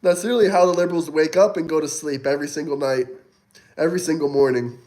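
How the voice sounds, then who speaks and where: A man's voice: on the high side, steady tone, quick pace, darkish tone. A young man hosting a casual livestream, reading chat aloud and answering in a mocking, taunting way with frequent swearing.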